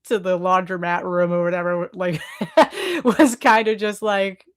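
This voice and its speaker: A woman's voice: lowish voice, measured pace. A woman with a Boston accent chatting casually on a live stream, reading and answering chat with lots of fillers. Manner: chatty, many fillers, laughs often.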